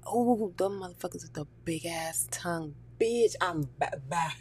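A woman's voice: on the low side, unhurried, a little mellow, a little hiss or hum. Woman just chatting real frank and cussing a lot, laughs a bunch, goes kinda whispery sometimes. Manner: frank and profane, with laughing asides and dropped whispery bits. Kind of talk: candid casual chat.

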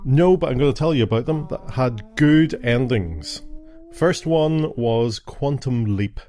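A man's voice: mid-range voice, expressive, measured pace, mellow, faint music behind. A middle-aged man hosting a casual family podcast, chatting and explaining TV shows to his kids, often stumbling and restarting. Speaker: podcast host and father.

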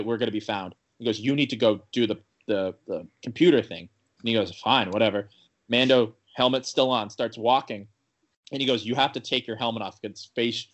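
A young man chats casually as a podcast co-host, recapping a TV episode in a loose, rambling way. His voice sits at an ordinary middle pitch, and he keeps restarting sentences and filling gaps with "like". He slips into quoted lines from the characters without fully changing his voice. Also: fairly bright tone. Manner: rambling, full of "like" fillers and restarts. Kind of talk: casual chat.

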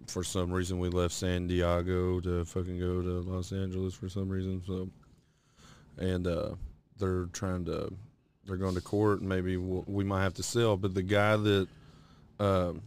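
Profane young man, lowish voice. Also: darkish tone, slight background noise. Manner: profane, laughing, storytelling. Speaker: podcast co-host. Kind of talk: crude casual banter.

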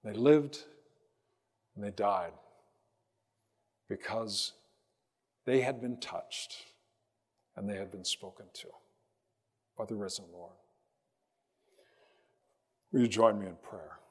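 Slow, reflective male pastor with long reverb. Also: fairly low pitch, a little mellow, breathy edge. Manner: slow, reflective storytelling with pauses. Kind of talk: sermon with personal story and prayer.

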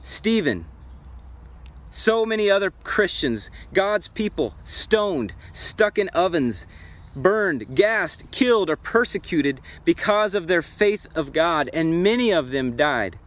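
This Bible teacher's voice sits high and moves slowly with a sing-song lilt as he gives a devotional study beside an outdoor campfire. Earnest and reflective, he asks his listeners questions directly.

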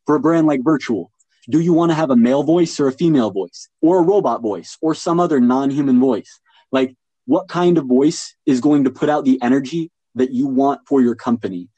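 A man's voice: mid-range voice, brisk, warm tone, slightly rough, no room sound, lo-fi sound. A man hosting a casual podcast conversation, talking with enthusiasm and thinking aloud. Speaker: podcast host.

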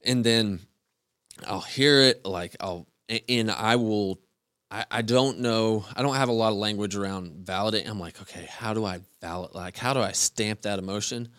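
A man speaks as a podcast guest, earnest and a bit halting, often stopping and starting his sentences again. His voice is fairly low. The sound is close-miked and dry. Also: fairly bright tone, dry recording. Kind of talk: casual conversation.

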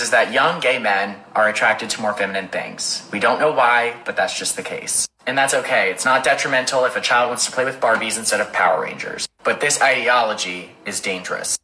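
A man's voice: medium pitch, bright, forceful tone, slight background noise, low-quality recording. A young man giving an earnest, direct commentary to the camera. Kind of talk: commentary video.

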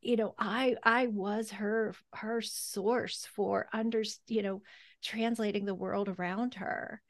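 A woman host tells a heartfelt story from her own life in a halting, emotional way, breaking off and restarting. Her voice carries a gravelly fry and is recorded dry and close, with no room sound. She sounds near to tears. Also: medium pitch, fairly even intonation, no echo. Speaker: podcast host. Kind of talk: heartfelt personal story in conversation.

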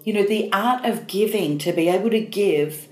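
A woman's voice: medium pitch, normal speed, darkish tone. A woman co-hosting a podcast, talking in an enthusiastic, encouraging way. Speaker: podcast co-host. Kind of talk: casual chat. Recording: roomy echo.

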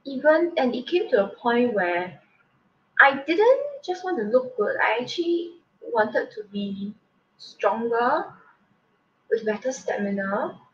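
A woman's voice: fairly high pitch, very animated, takes it slowly, distant mic, dull audio, a little hiss or hum. Chatty woman with a lilt. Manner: candid, chatty, drops in "lah". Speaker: podcast co-host. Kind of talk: casual podcast chat.

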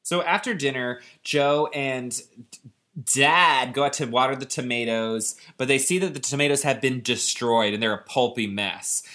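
A man co-hosting a podcast, casually retelling a story and popping into quick voices for the characters. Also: medium pitch. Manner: animated retelling with put-on quotes. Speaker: podcast co-host. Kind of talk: casual book recap chat.

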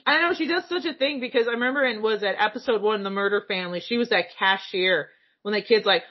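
A woman chatting casually and excitedly about a cartoon series, laughing often and swearing freely. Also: medium pitch, fast talker, husky. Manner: giggly, animated, swearing freely. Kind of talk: casual fan chat. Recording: dull lo-fi sound.

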